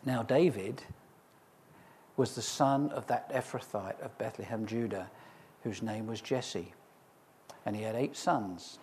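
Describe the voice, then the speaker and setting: A man preaching a sermon, reading scripture and retelling it in a lively, humorous storytelling way with asides to the listeners. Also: fairly low pitch, measured pace, long pauses, slight background noise.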